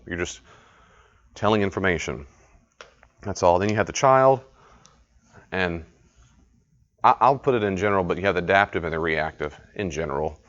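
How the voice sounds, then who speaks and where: Male study leader, lowish voice, chatty teaching style with plenty of repetition, dull lo-fi live recording. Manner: conversational, repeats words, asks the group questions.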